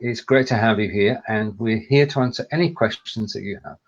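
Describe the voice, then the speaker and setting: A man's voice: lowish voice, fairly quick. A man from the UK co-hosting a live stream, upbeat and chatty as he welcomes a guest. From United Kingdom. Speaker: co-host. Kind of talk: casual live-stream chat. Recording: dull lo-fi audio.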